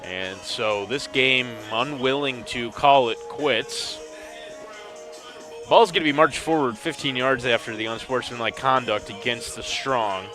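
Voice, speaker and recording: A man's voice: mid-range voice, a little slow, music in the background. A man calling a semi-pro football game play by play, with dry, wry asides about confused officiating. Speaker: play-by-play commentator. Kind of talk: sports commentary.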